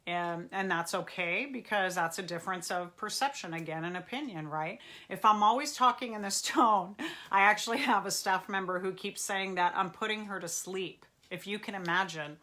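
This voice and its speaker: Bright-voiced woman, intense and firm. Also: medium pitch, moderate pace. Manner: intense public-speaking delivery. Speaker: therapist and show host. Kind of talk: live question-and-answer talk.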